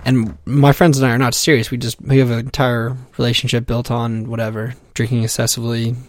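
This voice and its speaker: A man's voice: mid-range voice, level tone, fairly quick, no room sound, clean studio sound. A young man telling a comic personal story in a casual, profane, self-mocking way, full of fillers. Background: music.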